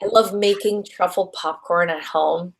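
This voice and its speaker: A woman's voice: lowish voice, fairly even intonation, measured pace. A young adult woman, a voice actress guest, chatting in an interview in a bubbly, gushing way with lots of fillers and restarts. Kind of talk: casual interview chat.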